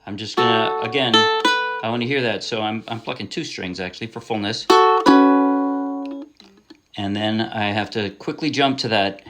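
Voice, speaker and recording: A man's voice: on the low side, moderate pace, pauses often, loud music behind the voice. A man giving a casual ukulele lesson, chatting loosely and counting beats aloud as he explains. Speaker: ukulele teacher. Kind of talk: casual instrument tutorial. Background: ukulele playing.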